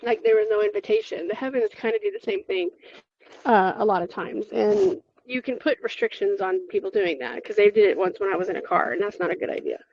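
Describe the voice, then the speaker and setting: A woman's voice: medium pitch, brisk, darkish tone, no echo. A woman guest telling a story in a chatty way, full of fillers, restarts and laughs, over a video call. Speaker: interview guest. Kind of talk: casual spoken storytelling. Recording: dull lo-fi, dry.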